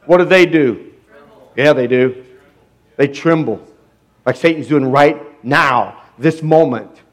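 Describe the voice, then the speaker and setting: A man's voice: mid-range voice, slow pace. A male pastor, preaching a sermon with repeated rhetorical questions. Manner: preaching with rising intensity, repetitive rhetorical questions.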